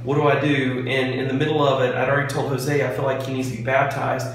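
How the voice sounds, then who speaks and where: A man's voice: medium pitch, fast, heavy reverb, slight background noise. A man, a pastor, talking casually and earnestly about faith in a devotional vlog, recorded on a porch. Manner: earnest and excited, preacherly. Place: on a front porch.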